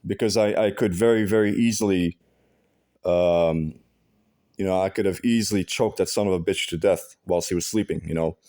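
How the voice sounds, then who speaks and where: Man, lowish mellow voice, rambling vlog talk, lots of filler and swearing. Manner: halting, with many fillers and restarts; heavy profanity, blunt and aggrieved. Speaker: vlogger. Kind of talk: casual rambling monologue.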